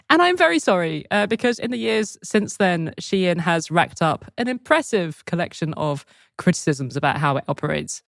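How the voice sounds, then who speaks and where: A woman co-hosting a news podcast, talking in a lively, expressive way and laughing often. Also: on the low side, vocal fry, dry recording, studio quality. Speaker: podcast co-host. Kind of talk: casual news chat.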